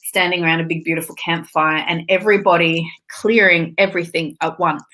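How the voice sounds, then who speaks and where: A middle-aged woman guest shares her story in a candid, expressive interview, dropping the odd swear word as she goes. Her voice sits a little low but comes across bright and forceful. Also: fairly quick. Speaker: spiritual teacher and guest.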